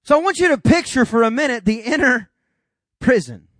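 High-voiced preaching pastor, emphatic. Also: male voice, animated, fairly quick, fairly bright tone, no echo. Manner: emphatic preaching, quotes scripture figures in dramatic voice. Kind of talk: sermon.

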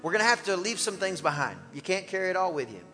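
A man preaching an animated, exclamatory sermon as pastor of a church. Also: sits high, quick pace, in a large hall, soft background music.

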